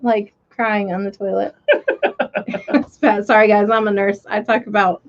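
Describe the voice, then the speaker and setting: A woman's voice: medium pitch, level tone, a little slow. A woman co-hosting a casual home livestream, chatting candidly and laughing often. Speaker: livestream co-host. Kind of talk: casual chat. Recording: slightly dull lo-fi stream audio.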